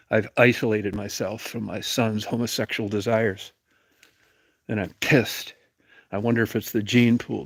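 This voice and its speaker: A man's voice: lowish voice, no room sound. A middle-aged man telling a crude, rambling, profane story and acting out the people in it. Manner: profane, rambling, acts out quoted voices.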